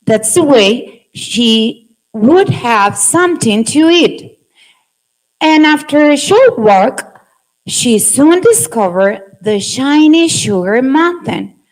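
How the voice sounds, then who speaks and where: A woman with a Mexican accent reading a children's story aloud to a class, with expressive intonation. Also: high voice, slow pace.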